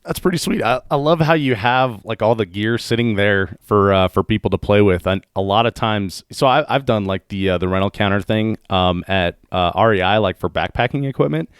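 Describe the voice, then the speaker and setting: Host: man, very low, smooth voice, congested, halting and friendly, dry close sound. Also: no room sound. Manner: friendly, halting, many fillers and laughs. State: congested, losing his voice. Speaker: podcast host. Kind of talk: casual interview talk.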